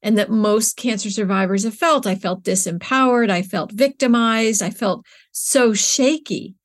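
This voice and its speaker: A middle-aged woman, a nonprofit co-founder, appears as a guest in a conversational interview. Her voice is mid-range and her pace measured, and she comes across as earnest and searching, often restarting sentences with fillers.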